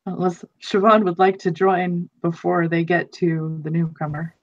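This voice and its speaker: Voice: medium pitch, flat delivery, normal speed, dull audio. A tabletop game host chatting casually, hesitant, with many fillers and restarts. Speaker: host and player.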